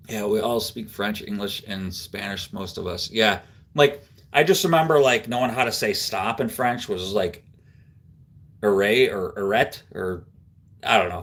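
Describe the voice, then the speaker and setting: Man, middle-aged, from Central New York, live stream host, casual rambling chat, lots of fillers, laughs easily. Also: lowish voice. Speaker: livestream host.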